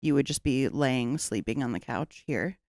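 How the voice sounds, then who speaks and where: A woman's voice: very deep voice, lively intonation, normal speed, darkish tone, dry recording, studio quality. A young woman hosting a podcast in casual chat, playful, laughing often and swearing freely. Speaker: podcast host.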